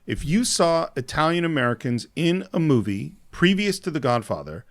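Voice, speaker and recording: A man's voice: a little high, sing-song, normal speed. A man co-hosting a podcast, talking through a film scene by scene in a casual, explanatory way. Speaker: podcast co-host.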